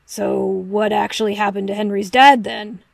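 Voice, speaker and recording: A woman's voice: mid-range voice, fairly even intonation, normal speed, creaky, no echo. Easygoing, skeptical male inspector, read by a woman narrator. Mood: doubtful. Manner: doubtful, plain-spoken.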